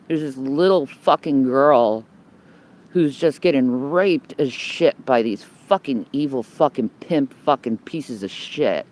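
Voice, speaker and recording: A woman livestreaming on her phone from outdoors under a building, ranting bluntly and swearing heavily, repeating herself as she rambles. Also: rumbling low. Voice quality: heavy swearing, blunt and combative. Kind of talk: homeless livestream rant. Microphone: phone held by the speaker.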